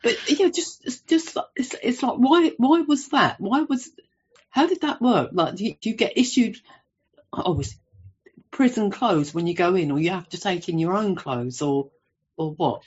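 A woman calls in to a stream and rambles through her question, restarting often and putting herself down. Her voice is a little husky. The audio is muffled. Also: mid-range voice, moderate pace. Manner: rambling, self-deprecating, many restarts. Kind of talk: casual stream chat.

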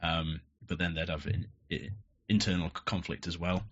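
Deep-voiced blunt man. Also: fairly even intonation, normal speed, breathy edge. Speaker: guest. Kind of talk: casual interview. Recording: muffled lo-fi audio.

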